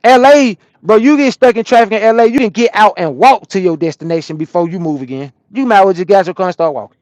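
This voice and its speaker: A man from Atlanta, a truck driver chatting casually on a live stream and answering viewers' comments in a relaxed, repetitive way. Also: high-pitched, fast talker, no room sound. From Atlanta, USA.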